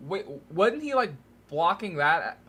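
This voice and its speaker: A man's voice: high-pitched, big pitch swings, takes it slowly, sharp tone, breathy edge. A man co-hosting a livestream, teasing his partner and reading chat messages aloud. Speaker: livestream co-host.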